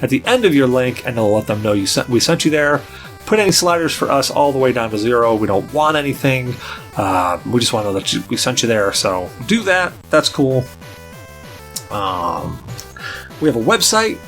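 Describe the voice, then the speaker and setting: A man hosting a casual podcast, talking in a loose, rambling way full of restarts and fillers. His voice sits at an ordinary middle pitch, and faint music plays under him. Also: fairly bright tone. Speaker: podcast host.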